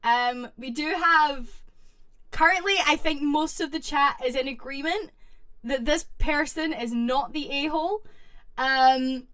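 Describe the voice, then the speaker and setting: A young woman streamer chatting casually with viewers and reading stories aloud, excitable and reacting loudly. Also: high voice, unhurried.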